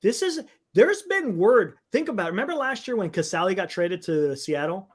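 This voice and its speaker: A man's voice: high voice, very animated, normal speed. A man co-hosting a casual sports talk show, eagerly jumping in with his points. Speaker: podcast co-host.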